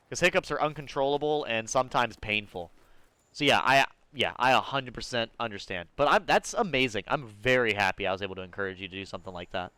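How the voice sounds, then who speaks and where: A man from Georgia streaming a game, chatting loosely with viewers in a rambling, profane way with sudden excited jumps in pitch. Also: fast, clean tone, no echo. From Georgia, USA. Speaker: gaming streamer. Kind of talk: casual live-stream chat while gaming.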